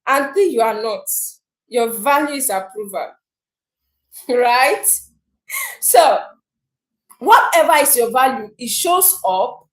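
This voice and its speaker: A woman giving a motivational talk to viewers, animated and acting out the people she describes. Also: sits high. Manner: animated, acts out imagined people. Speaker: motivational speaker. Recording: roomy echo.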